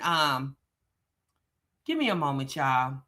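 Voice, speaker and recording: Woman commentary host, deep voice that swoops around a lot, chatty and incredulous with viewers. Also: big pitch swings, measured pace, long pauses, fairly bright tone. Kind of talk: reaction commentary.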